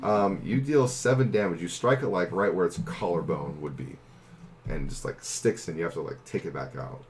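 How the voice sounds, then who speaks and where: A man narrating a tabletop game as game master, casual and laughing, with halting fillers. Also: low voice, a little hiss or hum.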